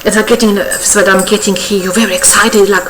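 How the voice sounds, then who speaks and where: A woman's voice: medium pitch, fairly even intonation, fairly quick, crowd noise, low-quality recording. A woman giving a weekly tarot reading to her viewers, effusive and coaxing, often checking in with "okay?" and repeating herself. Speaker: tarot reader. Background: faint birdsong.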